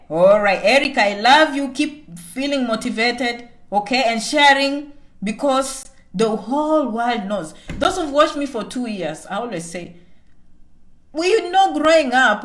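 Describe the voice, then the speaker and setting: A woman's voice: sits high, fairly bright tone. A woman from Kenya giving an emphatic motivational live-stream chat, often speaking of herself in the third person and checking in with "okay?". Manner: emphatic, repetitive, keeps asking "okay?". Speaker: vlogger.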